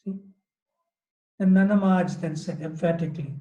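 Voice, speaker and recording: A man with a high, mellow voice tells a sacred story in a halting way, full of restarts and fillers. The sound is roomy, with plenty of reverb around him. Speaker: monk giving a scripture class. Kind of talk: storytelling lecture.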